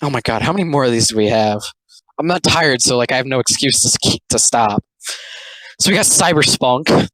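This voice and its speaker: Animated, rambling commentary host. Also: mid-range voice, a little fast, no echo, rough recording. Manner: rambling, filler-heavy, sarcastic. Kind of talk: casual commentary on comics.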